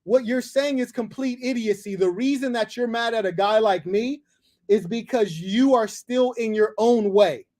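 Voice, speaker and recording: A high-voiced man runs a combative live call-in show. He lectures and mocks in a condescending tone, talking down to whoever is on the line. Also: normal speed, a little mellow. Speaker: livestream host taking callers.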